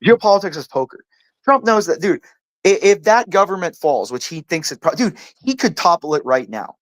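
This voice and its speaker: A man holds forth in a heated, rambling rant, swearing freely and leaning on "like" and "dude" between stammered restarts. His voice sits a little high for a man, and it is recorded bone-dry up close with no room sound at all. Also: animated, moderate pace, no echo. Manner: profane, rambling, heavy use of "like" and "dude"; restarts and stammers when worked up. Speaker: panel host. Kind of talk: heated casual political rant.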